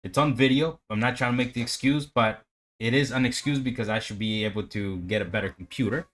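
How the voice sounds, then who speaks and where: A man doing live trading commentary on a stream, talking to himself and his viewers in a profane, excitable, hyped-up way. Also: mid-range voice, brisk. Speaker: livestream day trader.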